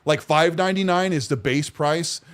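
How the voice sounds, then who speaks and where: A man's voice: on the high side, normal speed, smooth. A man hosting a gaming podcast, chatting casually, teasing his co-host and reading from the chat. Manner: teasing, reads chat aloud.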